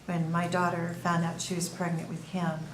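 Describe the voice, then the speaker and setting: An older woman speaking at a faith workshop, telling a story in a lively, storytelling way and laughing at her own punchlines, recorded from a distance in an echoey room. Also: lowish voice, normal speed. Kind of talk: faith testimony to a small group. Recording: echoey room from a distance, faint background noise.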